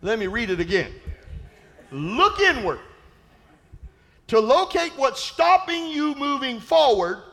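A male pastor preaching a sermon, emphatic and repetitive, with playful asides and sudden shouted peaks. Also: very high-pitched, sing-song, slow, long pauses.

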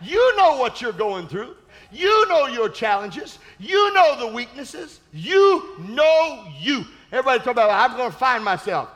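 A male pastor preaching a sermon, emphatic and repetitive, with playful asides and sudden shouted peaks. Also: very high voice, sing-song, measured pace.

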